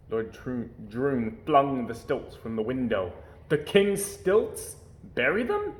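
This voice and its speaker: A man reading a children's storybook aloud with expressive storytelling, at home. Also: medium pitch, slow pace, echoey room. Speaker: storybook reader. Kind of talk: children's book read-aloud. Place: home during quarantine.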